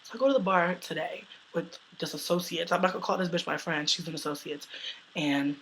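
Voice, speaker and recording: Young woman from the US, loud and brash, profane casual storytelling, bright forceful voice, faint hiss behind. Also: fairly low pitch, fairly quick, low-quality recording. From United States.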